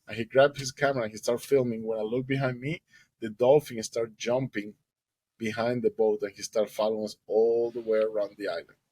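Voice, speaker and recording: Husky man telling a personal testimony. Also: lowish voice, steady tone, a little fast, mellow, no room sound, low-quality recording. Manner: emotional storytelling, acts out quoted dialogue, non-native grammar. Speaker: guest telling his own story.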